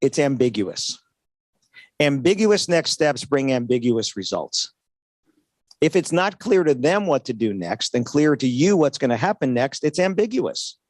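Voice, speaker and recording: In a sing-song, medium-pitched voice, a man gives a motivational sales seminar at a trade show at a measured pace. The tone is a little mellow, with no echo, and he talks conversationally, acts out small dialogues, and often asks "right?"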